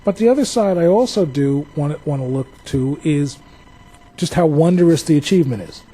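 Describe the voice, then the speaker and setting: A man's voice: on the high side, lively intonation, moderate pace, warm tone, breathy edge, rough recording. A man from New Jersey, a museum director, giving a public talk full of anecdotal, reflective storytelling.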